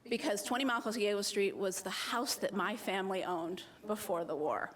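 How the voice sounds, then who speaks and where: Animated American woman telling a story. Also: mid-range voice, normal speed. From United States. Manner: animated, self-mocking, acts out voices. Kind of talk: live personal storytelling.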